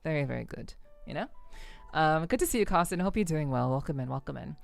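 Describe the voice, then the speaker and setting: A woman's voice: low-pitched, lively intonation, fast talker, gravelly, dry recording, faint music behind. A woman streamer chatting casually with her viewers, friendly and rambling, with stuttered restarts and lots of fillers. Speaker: live streamer.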